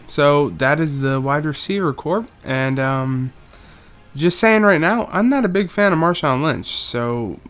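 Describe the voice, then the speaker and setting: A man's voice: a little high, fairly bright tone. Joking young man narrating gameplay. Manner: joking, rambling, mock play-by-play. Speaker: gaming YouTuber. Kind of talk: casual gameplay commentary.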